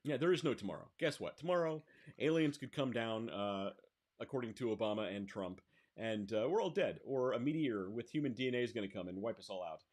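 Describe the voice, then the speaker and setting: A man's voice: medium pitch, expressive, brisk, a little mellow. Emphatic motivational man on a podcast. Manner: emphatic, motivational, repeats "that's it" and "guess what". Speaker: podcast co-host. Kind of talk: casual podcast chat.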